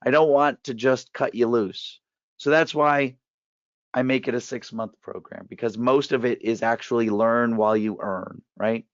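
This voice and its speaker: A hoarse man with a raspy voice, presenting a trading course in a direct, persuasive webinar pitch. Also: steady tone, normal speed, no echo. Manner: direct, persuasive, walks through steps. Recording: dull, dry lo-fi webinar audio.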